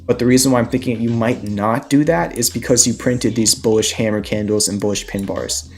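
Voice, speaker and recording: A man's voice: mid-range voice, fairly quick, darkish tone, soft background music. A young man hosting a casual stock trading livestream, a little out of breath, talking through trade ideas and answering chat questions.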